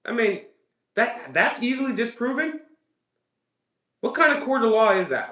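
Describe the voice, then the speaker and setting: Sarcastic high-voiced man in an echoey room. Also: very animated, moderate pace, sharp tone. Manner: sarcastic, mocking. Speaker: commentary host. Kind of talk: reaction commentary.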